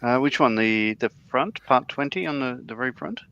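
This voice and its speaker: A man with a middle-pitched voice talks through his model build on a relaxed livestream, poking fun at his own slips. His audio sounds dull and lo-fi, dry and close. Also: normal speed, smooth, no echo. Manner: self-deprecating, explains his build steps. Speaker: co-host building a model kit. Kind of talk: casual livestream chat while model building.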